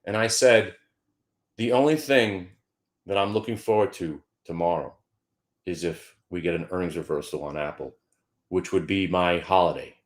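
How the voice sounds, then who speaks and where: A man's voice: deep voice, moderate pace. A middle-aged man hosting a stock trading show, giving casual, joking market commentary with mock-emotional outbursts and stumbling repeats.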